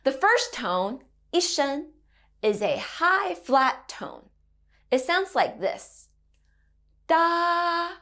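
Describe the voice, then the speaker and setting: A woman teaching Mandarin to children in a cheerful, slow and clearly enunciated teacher's voice. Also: high voice, big pitch swings, sharp tone. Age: adult parent. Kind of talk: children's language lesson.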